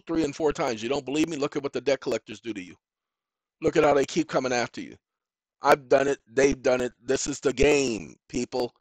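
A man's voice: on the high side, dry recording, rough recording. Blunt, emphatic man lecturing. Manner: blunt, emphatic, lecturing, repeats phrases for stress; informal street-style speech. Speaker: self-help legal educator. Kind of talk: direct-to-camera lecture.

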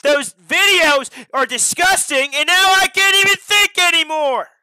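Streamer, male, very high and bright voice, strained and tired, drawn-out theatrical delivery, dry close sound. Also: no echo. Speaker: live streamer. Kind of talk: casual live-stream chat.

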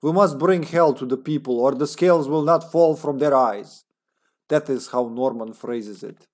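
A man's voice: mid-range voice, normal speed, a little mellow, close to an everyday voice. A man doing a mock-Russian terrorist. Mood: solemn. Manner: solemn, reading aloud with a put-on comrade accent. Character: grim male terrorist agent writing a diary. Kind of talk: reading game text aloud.

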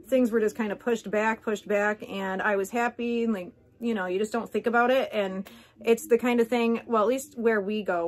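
This is a woman vlogger chatting straight to her viewers in an easygoing, unscripted way. She is candid and a little rambling, wandering off into asides as she goes. Her voice sits at an ordinary middle pitch. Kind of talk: casual chat to camera.

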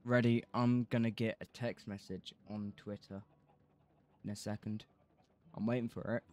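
A man's voice: on the low side, flat delivery, moderate pace, a little mellow. A man streaming a game, rambling casually, swearing and humming bits of songs. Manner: rambling, sings snatches of songs, swears freely. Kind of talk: casual gameplay commentary.

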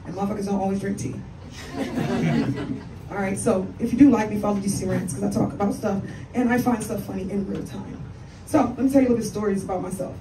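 A woman in her forties from Washington, D.C., performs a brash, profane stand-up set on a comedy club stage, with laughing asides. Her medium-pitched voice is fairly even and fast. The recording is distant and echoey, with background noise and crowd laughter.

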